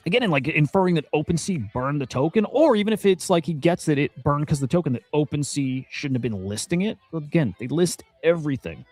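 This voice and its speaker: A man's voice: on the high side, lively intonation, brisk, few pauses, darkish tone, no echo, faint music behind. A man streaming crypto news commentary. He rants bluntly and swears often, repeats himself, and sounds exasperated. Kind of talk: casual ranting commentary.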